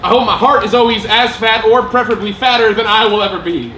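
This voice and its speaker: Guy doing slam poetry and stage stories in a roomy theater, pretty high voice, punchy and laughing at himself, bit of crowd hum. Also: bright, forceful tone, far from the mic. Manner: emphatic, self-mocking, quick to laugh. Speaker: spoken word poet. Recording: roomy live venue sound.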